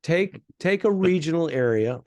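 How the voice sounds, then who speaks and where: A man's voice: on the high side, expressive, normal speed, darkish tone, no room sound. A man co-hosting a comedy podcast, telling rambling, digressive stories in casual chat. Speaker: podcast co-host.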